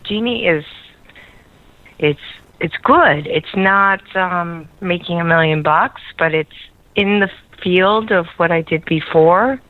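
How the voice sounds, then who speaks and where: A woman's voice: lowish voice, takes it slowly, no echo. A woman calling in to a radio show, talking in a rambling, hesitant way and laughing often. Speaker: caller. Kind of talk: call-in radio chat. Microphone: telephone. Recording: tinny phone line.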